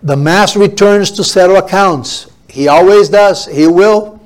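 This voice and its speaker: Emphatic preaching man, higher-pitched. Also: measured pace. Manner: emphatic preaching with repetition and rhetorical build-ups. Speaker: pastor. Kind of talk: sermon.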